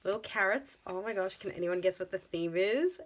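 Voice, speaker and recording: A woman, chatting excitedly in a casual budgeting vlog, full of gasps and exclamations. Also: medium pitch, brisk, slight background noise, rough recording. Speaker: budgeting vlogger.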